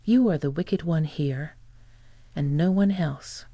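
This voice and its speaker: A woman's voice: deep voice, slow, mellow, no echo, heavily acted. A woman voicing a furious grown son who scolds his mother in a stern voice.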